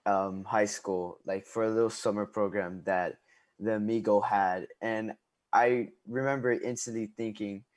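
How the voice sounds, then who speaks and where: Thoughtful teen guy, lowish voice. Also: steady tone, unhurried. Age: teens. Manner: thoughtful, hesitant with fillers. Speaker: student radio host. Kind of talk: reflective casual chat on radio.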